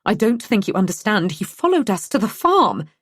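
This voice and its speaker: A woman's voice: mid-range voice, big pitch swings, moderate pace, no room sound. A woman reading an audiobook, voicing a frightened middle-aged mother who speaks urgently with a rising, shaky voice.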